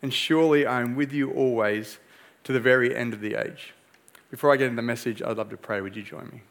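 A man's voice: medium pitch, quick pace, gravelly, fairly bright tone. A middle-aged man, a pastor, preaching a sermon in an earnest, conversational way, often asking "right?".

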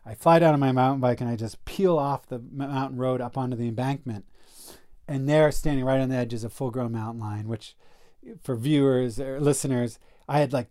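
A man in a casual podcast conversation, telling a personal story in an earnest, animated way. His pitch sits in a middle range for a man. He often fills his sentences with "like" and restarts them as he goes. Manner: earnest and animated, with frequent "like" and self-corrections.

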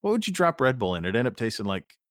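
A man's voice: medium pitch, very animated, quick pace, no room sound, clean studio sound. A man co-hosting a podcast, rambling through stories in casual chat and swearing lightly. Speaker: podcast co-host.

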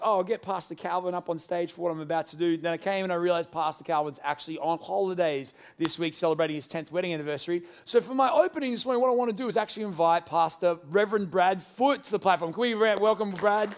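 Man pastor, high voice, animated and playful sermon to a live congregation. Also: quick pace, few pauses. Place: church hall with congregation.

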